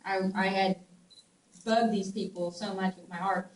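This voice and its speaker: A middle-aged woman with a Southern US twang, telling stories in a casual, animated way, laughing often and restarting her sentences. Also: mid-range voice, unhurried. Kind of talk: casual storytelling. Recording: echoey room, distant mic, faint ambient noise.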